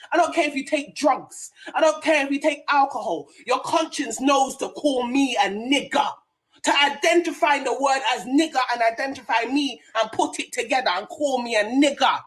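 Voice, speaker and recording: Heated London woman telling a story. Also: high-pitched. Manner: heated, swearing, London slang, animated. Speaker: radio show host. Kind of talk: live-stream storytelling rant.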